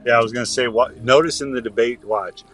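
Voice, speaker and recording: A man's voice: mid-range voice, fairly even intonation, fast, a bit bright, faint music behind, rough recording. A man from the US West Coast co-hosting a podcast, talking in a heated, ranting way. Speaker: podcast co-host. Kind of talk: casual political chat.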